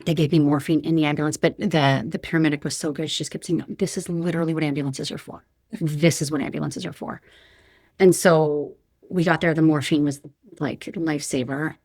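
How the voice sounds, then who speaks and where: A woman's voice: low-pitched, steady tone, a little fast, darkish tone, no echo, clean studio sound. A woman in her thirties, a podcast guest, telling a painful personal story candidly, frank and emotional with many restarts.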